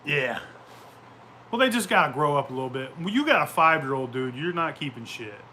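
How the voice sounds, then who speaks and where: A man's voice: fairly high pitch, expressive, a little fast, pushed and bright, a little hiss or hum. A man chatting casually outdoors at home, telling rambling, profane stories and laughing often. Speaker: vlogger. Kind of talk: casual chat.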